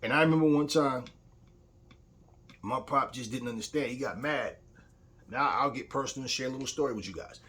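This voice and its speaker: A man's voice: mid-range voice, a little fast, pauses often, fairly bright tone. A man talking in a casual opinion vlog as a boxing commentator, telling stories bluntly and heatedly, with frequent swearing.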